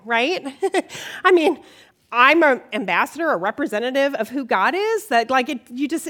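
High-pitched middle-aged woman giving a church talk, emotional, keeps saying okay. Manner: animated, emotional, frequent "okay?" check-ins. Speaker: women's ministry speaker. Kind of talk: conversational sermon. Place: church gathering.

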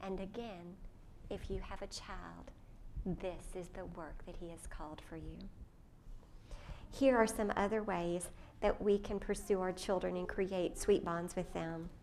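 A woman, speaking to a group of mothers and telling a family story with lively quoted voices. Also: on the low side, a little slow, creaky, slight background noise. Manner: warm storytelling, animated when quoting her younger self. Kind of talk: personal talk to mothers.

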